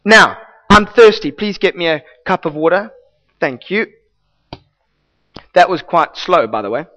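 A man's voice: on the high side, sing-song, a little slow, fairly bright tone, low-quality recording. A male pastor preaching a sermon in a conversational, emphatic way, repeating key phrases.

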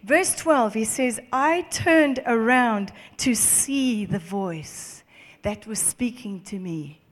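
A woman preacher delivers a lively sermon in a fairly high voice. She reads scripture aloud, stops to comment on it, laughs often and repeats key phrases for emphasis. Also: takes it slowly, long reverb tail.

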